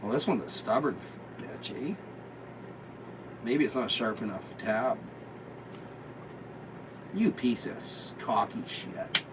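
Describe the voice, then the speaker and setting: Inside a noisy motorhome, a man hosts a rowdy vlog, joking crudely and swearing a lot in casual chat. His medium-pitched voice moves slowly with long pauses, and the mic is distant.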